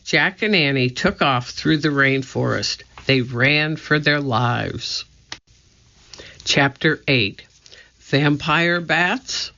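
A narrator reading a children's chapter book aloud in a steady, clear storytelling manner. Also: medium pitch, slow pace, dull audio. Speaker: audiobook narrator.

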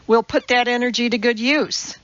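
A woman's voice: on the high side, steady tone, moderate pace, a bit bright, no room sound, dull audio, voice pushed up, close to an everyday voice. A woman voicing a cheerful young male rower teasing a teammate in a storybook reading.

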